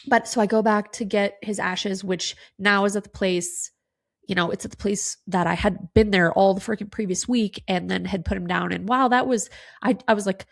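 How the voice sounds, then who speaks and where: Tearful woman with a gravelly voice. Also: medium pitch, fairly even intonation, fairly quick. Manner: candid, swears freely, lots of "like". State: tearful, sniffling. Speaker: podcast host. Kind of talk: casual solo podcast talk.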